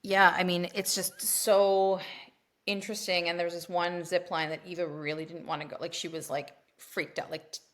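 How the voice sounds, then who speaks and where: A woman's voice: lowish voice, level tone, normal speed, fairly bright tone. A woman co-hosting a podcast, telling a story in casual chat, acting out quoted voices and swearing freely. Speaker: podcast co-host.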